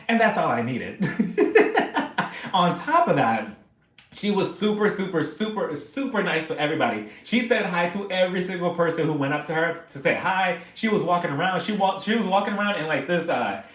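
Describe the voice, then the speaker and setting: A man hosting a casual live stream, chatting excitably and gossiping about reality TV between laughs. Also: on the high side, echoey room.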